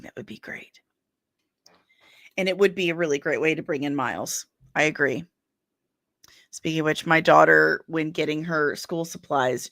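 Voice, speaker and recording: A woman's voice: low-pitched, fairly bright tone, no room sound, clean studio sound. A woman hosting a daily pop-culture news stream, chatting casually, laughing often and answering viewers' comments by name. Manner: loses her place while searching on screen and grumbles aloud. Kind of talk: casual live-stream chat about entertainment rumors.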